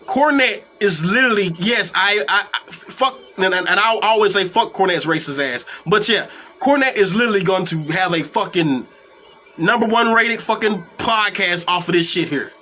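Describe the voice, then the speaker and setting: A young man with a high, bright, forceful voice rants heatedly about wrestling, cursing freely and tripping over repeated words. Faint room ambience sits behind him. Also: expressive, normal speed, a little hiss or hum. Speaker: wrestling commentary host. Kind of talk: profane live-stream rant.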